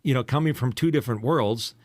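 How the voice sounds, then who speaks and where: An older man from the eastern United States, a former radio DJ, hosts a casual podcast chat in a medium-pitched voice at a fairly quick pace, recorded with no room sound. His polished radio voice carries a teasing, rambling style packed with fillers.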